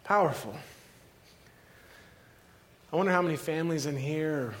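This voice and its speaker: A male preacher retelling a scripture story vividly, like a film scene, with dramatic pauses. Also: on the high side, fairly bright tone.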